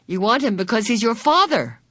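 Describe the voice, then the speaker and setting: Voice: mid-range voice, big pitch swings, a little fast, bright, forceful tone, no room sound, clean studio sound, pitched above the performer's own voice. A narrator voicing an impatient, brave young girl who talks in an urgent, pleading way. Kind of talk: audiobook character voice.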